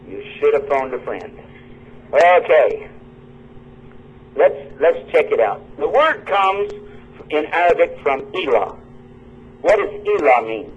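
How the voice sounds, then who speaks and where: A man's voice: sits high, slightly rough. A man hosting a live radio lecture at a university, joking with and quizzing his audience as he teaches. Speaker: radio show host and lecturer. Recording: dull lo-fi radio broadcast with faint noise.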